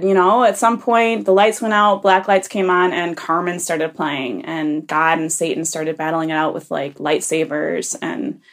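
Rambling woman, lowish voice. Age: adult parent. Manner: rambling, full of ums and self-corrections; chuckles while telling the story. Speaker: listener leaving a message for a podcast. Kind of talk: casual anecdote.

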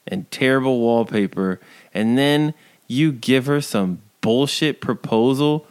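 Male co-host, casual chat; crude, mocking tirade broken by laughs, slow-paced. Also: mid-range voice. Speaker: podcast co-host.

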